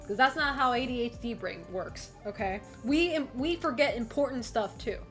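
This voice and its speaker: A woman's voice: fairly high pitch, expressive, moderate pace, a bit bright, soft background music. A woman streaming live, chatting casually with her viewers, giggling often and swearing now and then. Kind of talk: casual livestream chat.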